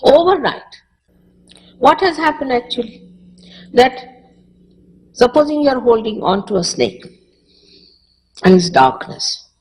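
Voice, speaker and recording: Lively Indian-accented woman giving a spiritual talk. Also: a little high, measured pace, long pauses, slight background noise, rough recording. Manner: conversational, repeats short phrases for emphasis. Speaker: spiritual teacher. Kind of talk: public spiritual lecture.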